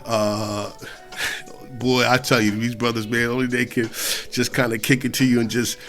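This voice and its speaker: A man's voice: mid-range voice, little pitch movement, unhurried, faint music behind. Laid-back male hip-hop radio host. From New York State. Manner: loose and conversational, swearing, fillers, shout-outs. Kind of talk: casual hip-hop radio talk between songs.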